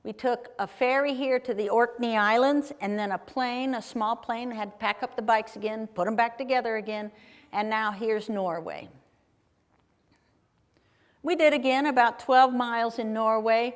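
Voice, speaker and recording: A woman's voice: on the high side, normal speed. A woman from Ohio giving a chatty, enthusiastic live travel talk with slides, often asking the audience questions. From Ohio, USA. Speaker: guest speaker. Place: performing arts center auditorium. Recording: long reverb of a large hall. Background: live audience in a hall.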